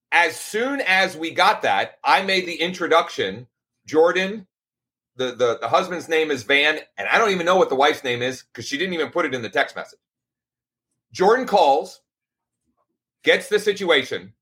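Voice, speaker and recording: A man's voice: on the high side, bright, forceful tone. A man hosting a casual live show, talking in a loose, rambling way with frequent restarts. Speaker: host.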